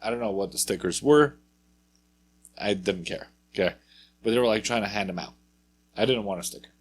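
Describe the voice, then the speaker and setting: Husky low-voiced man telling a story. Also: brisk. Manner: rambling anecdote with acted-out quotes and profanity. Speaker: podcast co-host. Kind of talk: casual storytelling chat.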